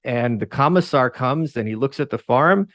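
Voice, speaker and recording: A man hosting a relaxed chat in a middle-pitched voice, wry and joking. He slips easily into mimicking the people he talks about. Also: normal speed. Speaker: host. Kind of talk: casual conversation.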